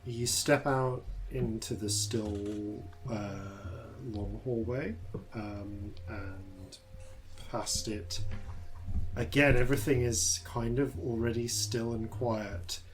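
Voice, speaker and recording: A man narrating a tabletop game as its dungeon master, unhurried and halting, with many fillers. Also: lowish voice, steady tone, faint music behind, rough recording.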